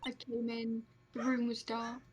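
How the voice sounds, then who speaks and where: A woman reading the lines of a young woman in shock after her sister's death, in a quiet, halting way. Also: on the high side, completely flat delivery, natural voice. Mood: dazed. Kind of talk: reading game dialogue aloud. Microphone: streaming mic. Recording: loud static hiss, poor stream mic.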